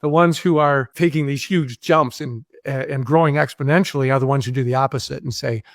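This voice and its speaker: A man in a podcast interview telling a long anecdote with animated energy, acting out the voices of people he quotes. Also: medium pitch, a little fast, no room sound, clean studio sound. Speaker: guest, filmmaker.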